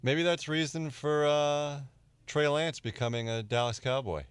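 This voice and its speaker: A man's voice: fairly high pitch, steady tone, measured pace, smooth, no echo. A man co-hosting a sports radio show, chiming in with dry joking asides. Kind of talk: casual sports talk chat.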